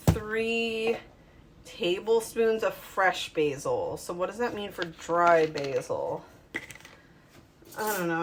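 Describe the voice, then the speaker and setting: Slow, rambling woman cooking at home. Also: mid-range voice, noisy background. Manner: rambling, self-mocking, thinks aloud. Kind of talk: casual talk while cooking. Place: home kitchen. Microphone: phone.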